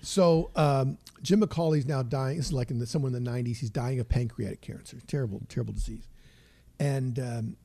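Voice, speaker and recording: A man's voice: mid-range voice, brisk, gravelly, mellow. An older man, a comedian guest, telling stories in a rambling, stop-start way with many repeated words. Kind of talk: casual storytelling chat.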